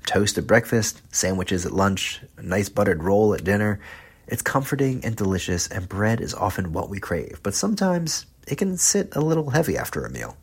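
Low husky guy hosting a radio food show, very up and down in pitch, soft music underneath. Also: sing-song, moderate pace. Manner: conversational, friendly questions. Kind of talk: radio interview and ad read.

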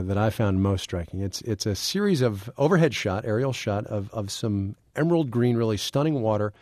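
A man's voice: medium pitch, a little mellow, dry recording. Radio host man, dry studio voice. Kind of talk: radio interview.

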